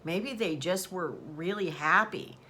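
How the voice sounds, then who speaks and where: A woman's voice: fairly low pitch, measured pace, sharp tone, a little hiss or hum. A woman host chatting casually as she retells a story, acting out quoted dialogue along the way. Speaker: channel host.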